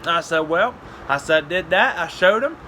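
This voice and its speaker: A man spins a rambling comic tale in a high, very bright voice. His pitch leaps and dives as he acts out the people in the story. A faint hiss of noise sits under the recording. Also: normal speed, poor audio. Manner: animated, jumps into loud high-pitched voices for quotes. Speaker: comedic storyteller.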